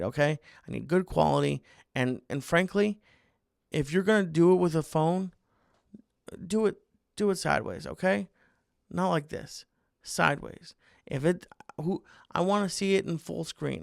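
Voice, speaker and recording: A man's voice: on the high side, vocal fry, no room sound, studio quality. A man hosting a comedy podcast, rambling through a monologue with restarts and mock exasperation. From United States. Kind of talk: comic monologue.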